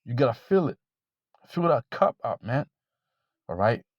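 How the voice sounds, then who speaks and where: A man preaching informally to camera, blunt and profane, repeating himself and reading scripture slowly. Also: mid-range voice, sing-song, dry recording, dull audio. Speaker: religious teacher.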